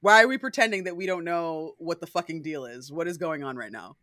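A woman chatting casually as a podcast guest, animated and blunt, swearing freely. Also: lowish voice, a little fast, dry recording, studio quality. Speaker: guest co-host.

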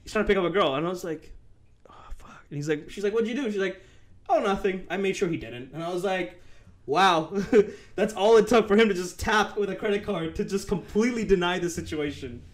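Animated young man telling a story. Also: high-pitched, a little fast. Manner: animated, acts out dialogue, swears freely. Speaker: podcast co-host. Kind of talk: casual storytelling.

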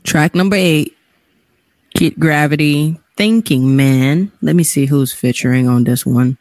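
A man hosting a casual chat, laid-back and quick to laugh. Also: fairly high pitch, a little mellow, no room sound. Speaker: host.

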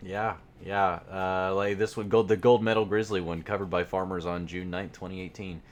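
A man's voice: low-pitched, level tone, normal speed, highs cut off. A man co-hosting a podcast in casual chat, reading ad copy with playful emphasis and laughing often. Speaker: podcast co-host.

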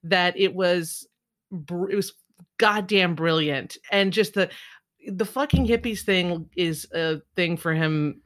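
A woman's voice: on the low side, slow, fairly bright tone. A woman co-hosting a podcast, enthusing casually about a film. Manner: laughing, enthusiastic. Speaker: podcast co-host.

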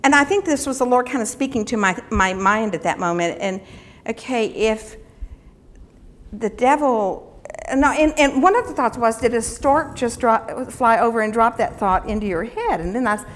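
A woman's voice: fairly high pitch, lively intonation, moderate pace. A woman giving a sermon, telling a personal story in an earnest, reflective way. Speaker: teacher giving a devotional talk.

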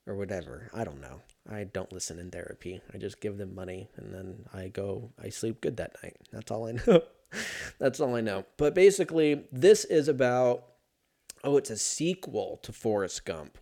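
Brief: male podcast host, mid-pitched voice, loose profane rambling, self-mocking asides. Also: lively intonation, moderate pace, darkish tone. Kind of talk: casual solo podcast chat.

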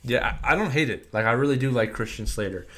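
A man's voice: mid-range voice, fast, a little hiss or hum. Laid-back male podcast co-host. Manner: relaxed, hedging with "like" and "I feel". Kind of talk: casual chat.

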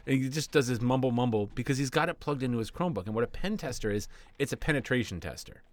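A man's voice: medium pitch, expressive, fast. A man co-hosting a casual podcast, telling stories animatedly, acting out quotes and laughing often. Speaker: podcast co-host and teacher. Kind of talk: casual storytelling.

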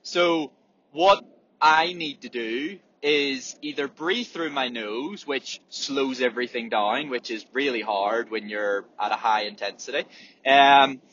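A man's voice: mid-range voice, takes it slowly, a bit bright, lo-fi sound, a little hiss or hum. A man, a runner talking candidly and swearing freely in a casual monologue, acting out breathing sounds as he explains.

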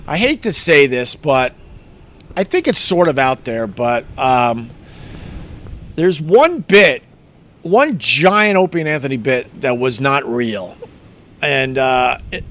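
Man, middle-aged, animated storyteller, swears freely, fairly high voice. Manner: animated, swearing, loose and confessional. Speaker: radio host on a live stream. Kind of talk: casual storytelling monologue.

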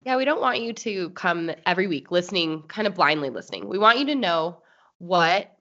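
A woman co-hosting a podcast in casual chat, upbeat and talking straight to listeners, her voice a little hoarse from illness. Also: fairly low pitch, big pitch swings, a little fast, fairly bright tone. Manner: upbeat, addresses listeners directly. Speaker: podcast co-host. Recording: dull, lo-fi sound.

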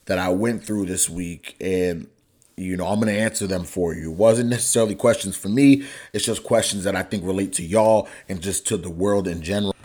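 A young man hosts his own podcast in a loose, swearing, heated talking style. His voice sits fairly low but climbs sharply when he gets angry. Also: a little mellow. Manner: profane, heated, rising pitch when angry. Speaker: podcast host. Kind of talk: casual solo podcast rant.

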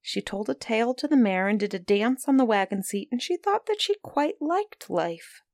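A woman reading a fairy tale aloud, lively and expressive, giving the characters small voices of their own. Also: on the high side, moderate pace, no echo, studio quality. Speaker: storyteller. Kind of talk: storybook reading.

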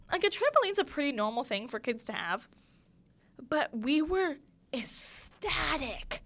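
A young woman with a fairly high voice tells holiday stories on her podcast. She talks in a casual, giggly way and leans on fillers as she goes. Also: fairly bright tone. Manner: chatty, giggly, lots of "like" fillers. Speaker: podcast host. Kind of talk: casual storytelling monologue.

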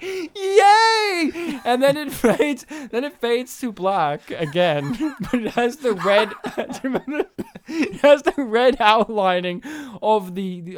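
A man, casually recapping a film on a podcast, animated and swearing often. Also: high-pitched. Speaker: podcast co-host. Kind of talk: casual movie recap chat.

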